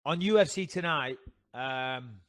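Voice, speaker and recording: With no room sound around him, a middle-aged podcast co-host from the North of England spins foul-mouthed, joking tales in loose conversation. His medium-pitched voice is fairly bright and unhurried.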